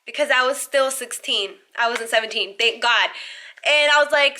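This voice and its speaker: Young woman, high pitch, bright voice, storytime vlog, blunt, profane, animated. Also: moderate pace. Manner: animated, blunt and profane, acts out quoted dialogue. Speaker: vlogger. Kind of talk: storytime vlog, talking to camera.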